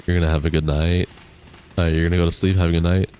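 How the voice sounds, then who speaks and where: A man's voice: low voice, little pitch movement, fast, a little mellow, a little hiss or hum. A man live-streaming a game, chatting casually and answering his viewers in a laid-back way. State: has the hiccups. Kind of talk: casual live-stream chat while gaming. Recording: game music clearly behind the voice. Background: game music.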